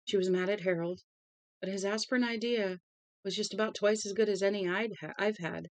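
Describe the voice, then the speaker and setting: A woman reading aloud voicing a calm man who speaks very quietly. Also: medium pitch, fairly quick, no echo, natural voice.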